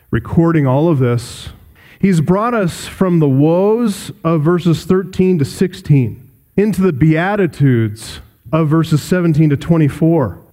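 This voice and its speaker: A man's voice: a little high, dark tone. A man preaching a sermon in earnest, building points through emphatic repetition and reading scripture aloud. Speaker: pastor.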